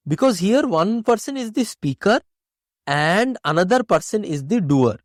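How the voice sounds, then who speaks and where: Man teaching grammar, lively pitch. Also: no echo, clean studio sound. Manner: explains step by step, asks and answers his own questions. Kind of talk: exam-prep grammar lesson.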